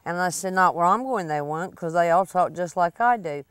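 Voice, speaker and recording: A woman's voice: on the low side, lively intonation, a little fast, clear, resonant tone, no room sound. A woman teacher with an Outer Banks brogue speaking plainly and proudly in an interview. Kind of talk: casual interview.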